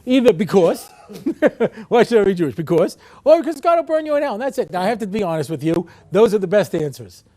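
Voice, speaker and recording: A man in his sixties giving a humorous lecture as a rabbi, telling wry, animated stories with comic voices. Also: high voice, brisk.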